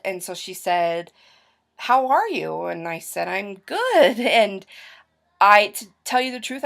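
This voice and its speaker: A woman's voice: on the low side, creaky. A young woman from Utah telling a personal story to her camera in a chatty, rambling way, full of fillers and restarts. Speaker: vlogger.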